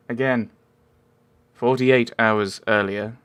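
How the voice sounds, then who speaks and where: A man's voice: medium pitch, normal speed, a bit bright. Man, let's play commentary, casual, rambling, wry asides, mid-range voice.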